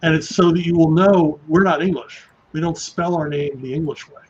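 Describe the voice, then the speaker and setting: A man's voice: on the high side, fairly even intonation, moderate pace, muffled recording, slight background noise. A man joining a casual online talk show as a guest, explaining history in short, matter-of-fact statements. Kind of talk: casual chat.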